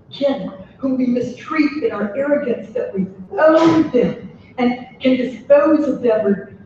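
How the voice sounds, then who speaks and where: A man's voice: very high-pitched, darkish tone, slight background noise. A man giving a conference lecture, reciting poetry dramatically with rising emphasis. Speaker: conference speaker. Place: large lecture hall. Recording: echoey hall, distant mic, dull sound.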